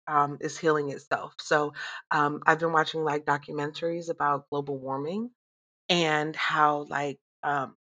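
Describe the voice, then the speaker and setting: A woman in her thirties chatting casually, animated and swearing freely as she vents and laughs. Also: low voice, measured pace, muffled recording. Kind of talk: casual profane chat.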